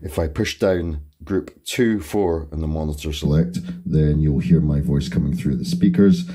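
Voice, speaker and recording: A man's voice: extremely low pitch, normal speed, warm tone. A man hosting a tutorial and methodically explaining each control step by step in his home studio. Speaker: tutorial host.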